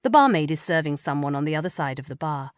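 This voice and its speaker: Woman, audiobook narrator, lowish voice, dry close mic, expressive. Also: quick pace, no room sound. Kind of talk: first-person audiobook narration.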